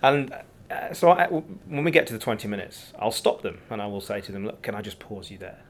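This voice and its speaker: A man guesting as a business coach, telling his anecdotes briskly and chuckling at his own points. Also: on the low side, expressive, vocal fry. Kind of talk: anecdotal interview talk.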